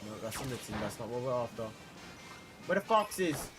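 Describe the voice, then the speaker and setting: A man's voice: medium pitch, big pitch swings, a little fast. A young man streaming a game live, talking to his chat and repeating himself as he gets worked up. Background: background music.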